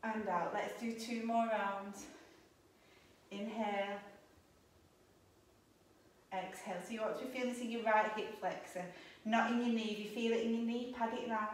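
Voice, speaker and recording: A young adult woman teaching a yoga class, calmly cueing breaths and poses, a little out of breath. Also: mid-range voice, a little slow, pauses often, slight background noise. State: slightly out of breath. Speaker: yoga instructor. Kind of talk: guided yoga class instruction. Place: yoga studio. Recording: echoey room, voice a bit distant.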